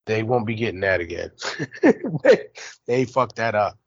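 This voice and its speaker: A middle-aged man hosting a podcast, talking bluntly and profanely with quick jabs. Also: lowish voice, big pitch swings, slightly rough, dry recording, dull audio. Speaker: podcast host. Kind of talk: casual chat.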